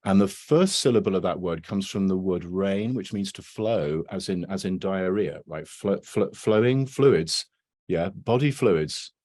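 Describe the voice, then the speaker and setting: On a video call, a lecturer gives a casual academic talk in a low, darkish, animated voice at a measured pace. He rambles along, tagging his points with "right?" and "you know".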